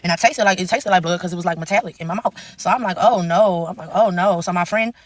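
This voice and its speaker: A woman's voice: fairly low pitch, very fast, dry recording. A young woman rattles off a storytime rant at breakneck speed, blunt and full of profanity. Her voice sits close and dry on a phone mic, with no room around it. Every thought spills straight into the next. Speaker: TikTok storyteller.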